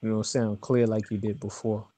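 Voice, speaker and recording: A man's voice: fairly low pitch, flat delivery, normal speed, dark tone. Sports podcast co-host guy, easygoing, lots of right and mm-hmm. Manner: agreeable, backs up the other host with short replies. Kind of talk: casual sports talk.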